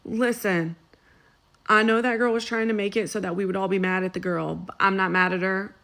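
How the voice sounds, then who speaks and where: A woman chatting casually in a reaction video, telling the story in an animated way and acting out both sides with sassy asides. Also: mid-range voice, moderate pace, creaky. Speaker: social media commentator.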